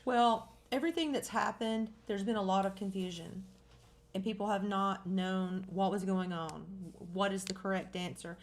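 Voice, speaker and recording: Woman, Southern accent, mid-pitched, co-host, measured and deliberate delivery. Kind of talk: casual live-stream talk.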